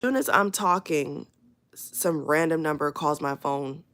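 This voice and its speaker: A woman with a fairly low voice talks straight to her viewers in an unscripted, rambling way. She circles back on her words and leans on fillers, but stays emphatic and earnest. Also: normal speed, fairly bright tone. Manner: rambling, repeats herself, many fillers. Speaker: channel host. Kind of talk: casual spoken warning to viewers.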